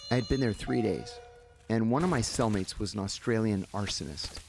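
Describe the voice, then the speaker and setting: Gravelly man telling a lively story. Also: on the low side, normal speed, faint music behind. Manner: animated, acts out the people he quotes. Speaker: guest. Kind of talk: storytelling in an interview.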